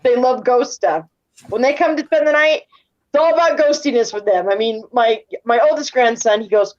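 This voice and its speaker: A woman's voice: fairly high pitch, a little fast. Rambling middle-aged woman on lo-fi audio. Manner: rambling, repeats words, animated retelling. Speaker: interview guest. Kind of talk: casual storytelling.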